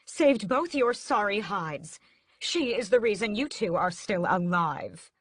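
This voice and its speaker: Woman reader doing a grand, scheming vampire matriarch for an audiobook, high and dry-voiced. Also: lively intonation, moderate pace, fairly bright tone, no echo. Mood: grand, mocking. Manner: grand, high-pitched, swings from sobbing to gloating. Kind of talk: audiobook character voice.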